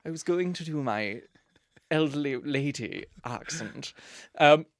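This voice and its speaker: A man's voice: a little high, animated, takes it slowly, no echo. A man co-hosting a comedy podcast, ranting and reading listener letters in a theatrical, camp way from a studio. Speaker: podcast co-host.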